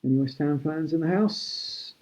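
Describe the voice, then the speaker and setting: A man hosting a live-stream auction, chatty and brisk as he calls out prices and thanks bidders. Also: fairly high pitch, a little mellow. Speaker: host auctioning cards.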